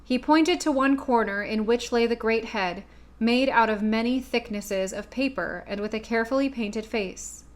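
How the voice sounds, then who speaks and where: A woman from the US Midwest narrates a classic children's story in a steady, clear reading voice. Her voice sits a little on the high side. She reads at an even storytelling pace. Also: normal speed. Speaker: audiobook reader.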